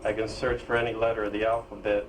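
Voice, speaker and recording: Man, software demo, low voice, halting explanation, faint hiss. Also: little pitch movement, poor audio. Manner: halting explanation with pauses and fillers. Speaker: programmer demonstrating his screen reader. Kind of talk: casual software demonstration.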